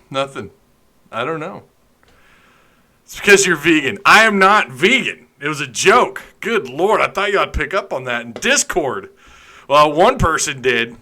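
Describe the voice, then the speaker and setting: A man's voice: a little high, very animated, measured pace, pushed and bright. A man hosting a sports podcast livestream, chatty and joking while he fumbles with his setup. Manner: joking, chatty, flustered by tech trouble. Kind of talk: casual livestream chat.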